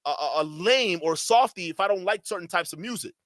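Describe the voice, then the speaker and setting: A man's voice: high-pitched, expressive, fairly quick, a bit bright, dry recording, studio quality. A man hosting a livestream, giving heated, profane commentary in a ranting manner. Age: adult. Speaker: streamer host.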